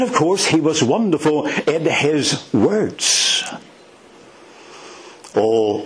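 A man's voice: on the low side, slight background noise, low-quality recording. A man preaching a sermon, emphatic and asking the congregation rhetorical questions.

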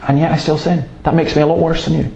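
A man's voice: a little high, little pitch movement, quick pace, gravelly, warm tone. A man preaching a sermon in an earnest, emphatic way, breaking off to tell stories. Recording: roomy, echoey room sound.

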